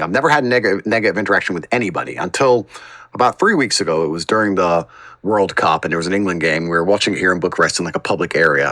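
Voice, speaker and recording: A man chatting as a podcast guest, blunt and emphatic, who swears now and then. His voice is bright and forceful, his pitch rises and falls a lot, and the sound is dry with no room echo. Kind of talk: casual storytelling chat.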